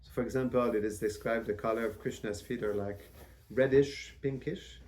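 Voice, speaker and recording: A man giving a devotional lecture as a spiritual teacher, in a measured, reverent way with frequent restarts. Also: medium pitch, steady tone, darkish tone.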